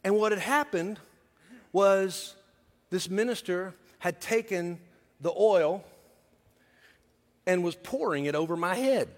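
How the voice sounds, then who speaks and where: High-voiced preacher in a reverberant hall. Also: male voice, slow pace, pauses often. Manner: humorous, confiding storyteller turning to earnest exhortation. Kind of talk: sermon with personal storytelling.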